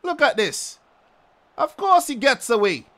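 High, lively man ranting over gameplay. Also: measured pace. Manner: exasperated ranting, repeats phrases. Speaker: gaming video creator. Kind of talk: live gameplay commentary.

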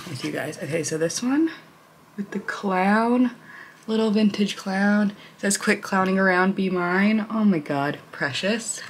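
Gushing young woman vlogger. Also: a little hiss or hum. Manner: gushing, filler-heavy, reads card captions aloud; high baby talk to her pet. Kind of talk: casual vlog chat.

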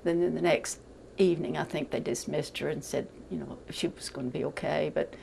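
An older woman speaks in a gravelly, creaky voice, recounting events haltingly with repeated words. She is being interviewed for the news. A faint hiss of noise sits underneath her. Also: low voice, fairly even intonation, dark tone, poor audio.

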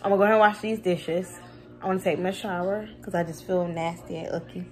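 A woman, chatting casually to viewers in a home vlog, telling stories in an animated way and calling them y'all. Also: lowish voice, fast talker. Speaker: vlogger, mother of two.

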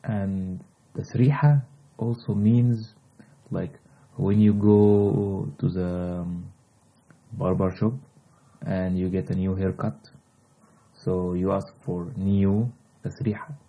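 A man's voice: deep voice, steady tone, slow pace, long pauses, dull audio. A man from Egypt with an Egyptian accent, teaching vocabulary patiently and repeating each word several times. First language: Egyptian Arabic. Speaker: language teacher. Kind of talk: slow vocabulary lesson with repetition.

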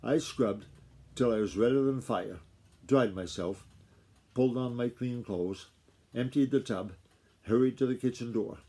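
Father reading aloud at home, steady narration, warm husky voice. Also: medium pitch. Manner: steady unhurried read-aloud. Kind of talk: reading a novel aloud to his child.

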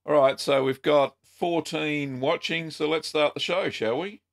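An Australian man hosting a casual live-stream question-and-answer show, chatty and relaxed with frequent ums. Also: a little high, a little slow, creaky. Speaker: host.

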